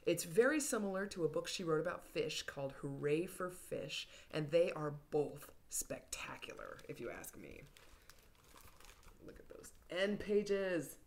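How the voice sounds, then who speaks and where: A woman's voice: low voice, big pitch swings, slow. A woman hosting a children's storytime, reading a picture book aloud in a playful, encouraging, sing-song way. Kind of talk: toddler storytime reading and songs.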